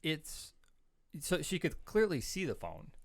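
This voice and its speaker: A man's voice: a little high, huge pitch swings, measured pace, gravelly. A man co-hosting a podcast in casual chat, talking bluntly and swearing freely. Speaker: podcast co-host.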